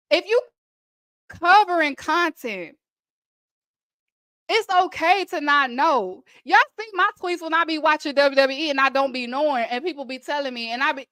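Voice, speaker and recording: A woman's voice: sits high, sharp tone, no room sound. A woman from Texas with a Texan accent, hosting a casual wrestling recap podcast and chatting emphatically to listeners.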